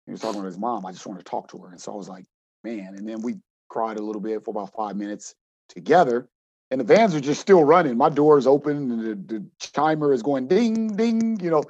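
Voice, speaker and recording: A man who coaches, telling a story in an interview with animated acted-out quotes and frequent restarts. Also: medium pitch, fairly quick, husky, no echo, highs cut off.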